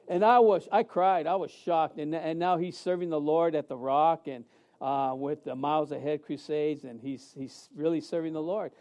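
A man in his fifties, a pastor, preaching a sermon in a conversational way, with many restarts and lively acted-out quotes. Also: high-pitched, normal speed.

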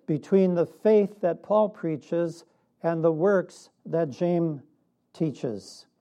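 Slow, mellow-voiced male preacher. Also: high voice, dull audio. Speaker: pastor. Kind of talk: sermon.

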